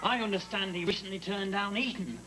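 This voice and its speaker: A man's voice: sits high, brisk, sharp tone, soft background music, rough recording. An actor playing a hesitant, polite male games teacher. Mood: timid.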